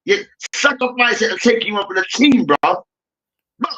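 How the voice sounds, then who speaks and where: A man's voice: extremely high pitch, expressive, normal speed, pushed and bright. A young man hosting a heated sports debate, ranting and swearing as he talks. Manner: ranting, profane, repeats "hear me now". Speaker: debate show host. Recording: dull lo-fi recording.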